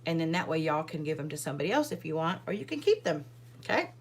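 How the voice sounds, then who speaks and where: Woman, lower-pitched, casual crafting host, rambling and friendly with viewers. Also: big pitch swings, fast talker, slightly rough. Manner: chatty, rambling, full of fillers and asides to viewers. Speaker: card-making livestream host. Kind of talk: casual live crafting demonstration.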